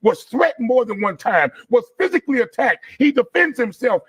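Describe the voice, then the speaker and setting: A man in a debate, arguing with passion and shouting over his opponent in a husky voice. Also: extremely high pitch, very animated, moderate pace. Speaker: debate guest. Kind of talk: televised debate argument.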